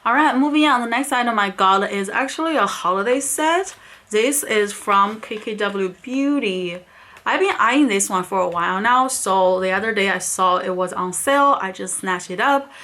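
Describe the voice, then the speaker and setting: A woman's voice: mid-range voice, moderate pace, sharp tone. A young woman, a beauty vlogger, telling a storytime rant in an exasperated, casual way, full of "like" and "honestly". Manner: exasperated, repeats "like" and "honestly" often.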